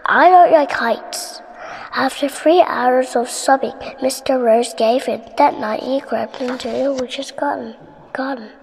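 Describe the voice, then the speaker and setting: A woman with an Indonesian first language reads a bedtime story in a hushed, gentle manner. Her voice is high and husky, and she reads slowly. A long hall reverb trails each line. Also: fairly even intonation. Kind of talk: bedtime read-aloud storytelling.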